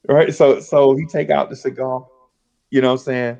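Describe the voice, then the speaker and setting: A man's voice: mid-range voice, moderate pace, creaky, long pauses, muffled recording. A middle-aged man telling street stories in casual chat, full of slang and acting out the voices of old friends. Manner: streetwise slang, animated storytelling, acts out dialogue. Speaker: podcast host.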